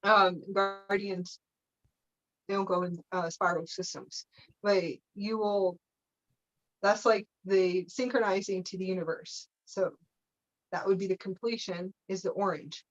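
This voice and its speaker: A woman's voice: medium pitch, fairly even intonation, measured pace. Meandering woman teaching on a lo-fi call. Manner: meandering, checks in with frequent "okay?"; laughs often, playful asides. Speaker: spiritual teacher. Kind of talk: live spiritual teaching session.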